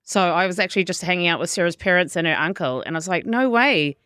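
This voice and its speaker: A middle-aged woman with a New Zealand accent, a chef chatting casually as an interview guest, lively and full of quoted asides. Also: fairly low pitch, racing, smooth, no room sound, studio quality.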